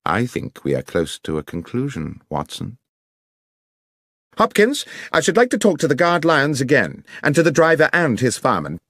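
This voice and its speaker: A man voicing a brisk, incisive male detective in an audiobook, with crisp, precise diction. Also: mid-range voice, wildly swooping pitch, a bit bright, dry recording, clean studio sound, voice pushed up, full character voice. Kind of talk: audiobook character reading.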